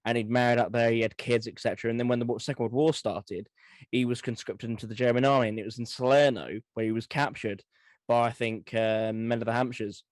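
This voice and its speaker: Fast-talking man telling history stories. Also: medium pitch, fairly even intonation, no room sound. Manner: quick, eager storytelling. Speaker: podcast co-host. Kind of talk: casual history chat.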